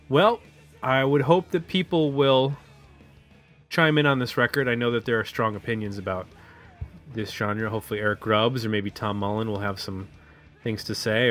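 A man's voice: mid-range voice, a bit bright. A man co-hosting an album review podcast, chatting casually with some hesitant fillers. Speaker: podcast co-host.

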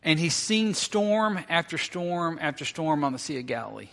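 A middle-aged male pastor preaches a sermon in a slightly high, somewhat bright voice with lively intonation, vocal fry and a moderate pace. He tells a story and acts out the quoted lines with rising intensity, and a large hall's long reverb surrounds him.

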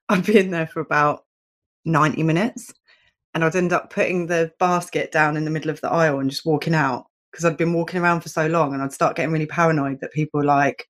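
A woman with a British accent hosting a podcast, friendly and quick to laugh. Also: low voice, fairly even intonation. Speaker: podcast host. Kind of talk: casual conversation.

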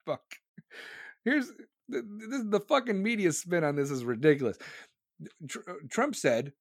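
A man's voice: high voice, lively intonation, measured pace, pauses often, no echo, studio quality. A man delivering profane political commentary in a crude, sarcastic manner.

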